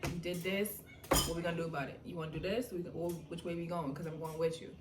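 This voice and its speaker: A woman's voice: lowish voice, steady tone, fast talker. A young adult woman, animatedly telling a personal story in casual slangy talk, quoting people as she goes. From New York. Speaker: vlogger. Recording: echoey room from far off, faint noise.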